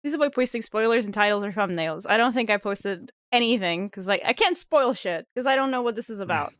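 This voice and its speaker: A woman's voice: mid-range voice, expressive, brisk, fairly bright tone, no room sound, studio quality. A woman hosting a live stream in casual chat, joking and laughing often. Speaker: streamer host.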